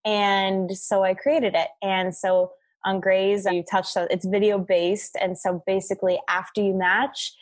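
A woman's voice: mid-range voice, little pitch movement, a little slow. A young woman, a guest on a podcast, telling dating stories in a bubbly, goofy way and laughing often. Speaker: podcast guest, app founder. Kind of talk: casual interview storytelling.

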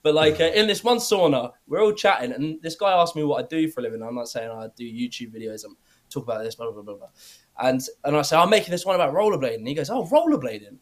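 Rambling British man, slightly high voice. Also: animated, quick pace. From Britain. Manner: loose and rambling, heavy on "like", casual swearing. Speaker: guest YouTuber. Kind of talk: casual podcast chat.

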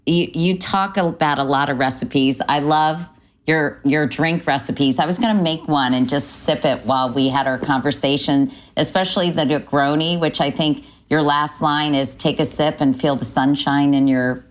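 A woman hosting an interview, with a low-pitched voice. She asks her guest questions in an engaged, conversational way and moves the talk along to new topics. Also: steady tone, normal speed.

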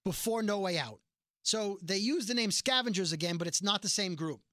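Podcast co-host, male, high bright voice, animated, dry close sound. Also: moderate pace, no echo. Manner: animated storyteller, acts out quotes. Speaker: podcast co-host recapping a TV show. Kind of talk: casual chat.

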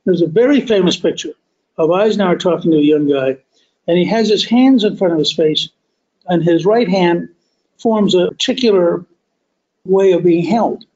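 A man's voice: high-pitched, moderate pace, darkish tone. A man lecturing on history, retelling events as a vivid, emphatic story. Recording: dull lo-fi recording.

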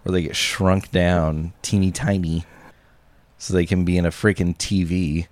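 A man co-hosting a casual comedy podcast, talking in a slow, deadpan way with frequent restarts. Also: low-pitched, dry recording. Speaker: podcast co-host.

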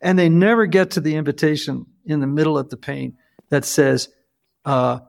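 A man in his fifties hosting a podcast interview, telling stories earnestly with lively emphasis. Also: on the high side, moderate pace, vocal fry. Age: 50s. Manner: earnest, storytelling, animated emphasis. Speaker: podcast host. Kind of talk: casual interview chat.

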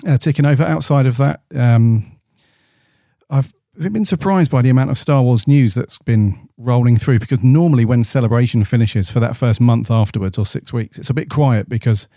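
A man co-hosts a podcast, chatting in an easygoing way and leaning on fillers as he talks. His voice is mellow and warm. The studio mic sounds dry and close. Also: medium pitch, moderate pace, no room sound. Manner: laid-back, chatty, lots of fillers. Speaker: podcast co-host. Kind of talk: casual podcast chat.

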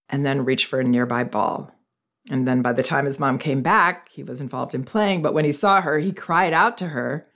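A middle-aged woman with a notably deep, low-pitched voice tells a story in a reflective podcast monologue. She speaks gently and thoughtfully, taking her time with each point. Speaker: parenting educator and podcast host.

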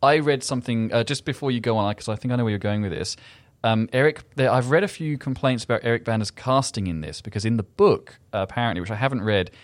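Fast-talking man reviewing a film. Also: medium pitch, dry recording. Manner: quick, chatty, self-interrupting. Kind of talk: casual film review chat.

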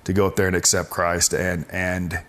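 A man in his forties with a deep voice speaks low and steady as a guest, telling an interviewer his personal faith story. He comes across as earnest and halting, frequently stopping and restarting his sentences.

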